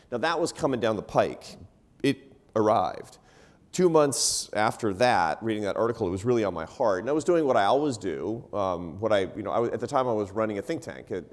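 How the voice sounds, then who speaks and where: Animated middle-aged American man storytelling. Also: lowish voice. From United States. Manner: animated, laughing often, self-deprecating asides. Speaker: panelist. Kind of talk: storytelling talk on stage. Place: event hall before a live audience.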